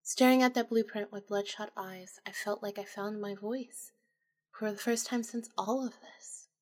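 A woman's voice: medium pitch, steady tone, unhurried. A woman narrating a supernatural story in the first person, in an intimate, emotional, confessional way.

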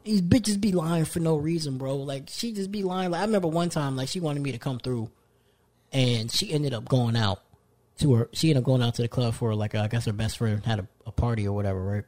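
A man's voice: medium pitch, fairly quick, a little mellow. A young man co-hosting a casual podcast, telling brash stories and acting out the people in them with a raised voice. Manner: brash storytelling, acts out quoted people in raised voice. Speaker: podcast co-host.

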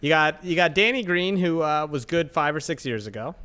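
A man's voice: fairly high pitch, animated, brisk, sharp tone, clean tone. A man co-hosting a podcast, mocking a team's roster in a dry, wry way. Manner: dry, mocking, reads off stats. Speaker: podcast co-host. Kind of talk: casual sports banter.

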